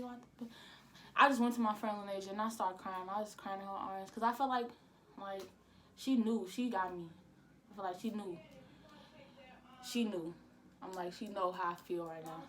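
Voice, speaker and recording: A woman's voice: medium pitch, steady tone, brisk, fairly bright tone, slight background noise. A young woman vlogger telling a casual storytime. She rambles, repeats "I'm like" and uses a lot of slang.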